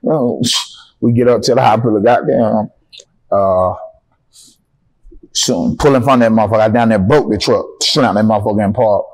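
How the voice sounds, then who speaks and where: A young man from Atlanta with a Southern accent, a guest in a casual interview, telling his story with lots of swearing and acting out the other people's lines. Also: medium pitch. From Atlanta, Georgia. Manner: animated, profane storytelling with acted-out dialogue.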